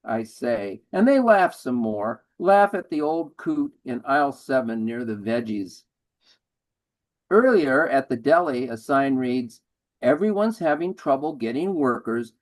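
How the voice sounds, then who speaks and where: A man's voice: a little high, poor audio. A man in his seventies, a featured poet, giving a poetry reading in a dry, wry manner. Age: 70s. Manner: dry, wry delivery of humorous verse.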